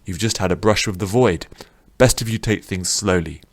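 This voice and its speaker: A man voicing a calm, kindly old bearded healer who speaks soothingly. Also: low voice, moderate pace.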